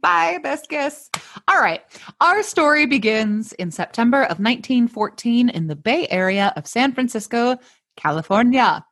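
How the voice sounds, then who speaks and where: A woman's voice: on the high side, expressive, normal speed, a bit bright. A woman hosting a podcast, mixing casual chat with a scripted story told in a playful, jokey way. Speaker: podcast host.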